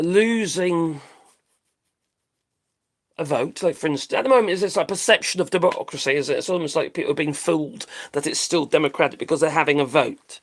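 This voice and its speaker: Middle-aged British streamer, blunt and sweary, rambles; high-pitched with a gravelly edge. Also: male voice. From Britain. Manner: blunt, sweary, rambling, laughs at own jokes. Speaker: live stream host. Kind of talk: casual live-stream commentary.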